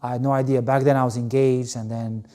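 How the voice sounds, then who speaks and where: Speaking fairly quickly in a warm, medium-pitched voice with a level tone, an Albanian former volleyball player recounts his story as an interview guest. His conversational storytelling is animated and emphatic, peppered with "you know" and repeated words.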